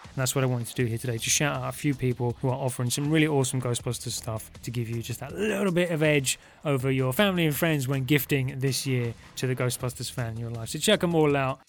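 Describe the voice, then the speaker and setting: A man's voice: medium pitch, fast. A British man hosting a podcast, chatting enthusiastically and casually with his guest. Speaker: podcast host. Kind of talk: casual interview chat.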